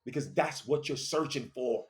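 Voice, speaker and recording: A man's voice: medium pitch, moderate pace. A man delivering a profane, confrontational motivational monologue, preaching and repeating phrases for emphasis. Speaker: host.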